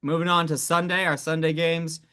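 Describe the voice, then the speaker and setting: A man's voice: fairly high pitch, little pitch movement, moderate pace, pushed and bright, clear, resonant tone. A man co-hosting a sports podcast, talking in a laid-back, casual way with frequent swearing and laughter. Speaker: podcast co-host.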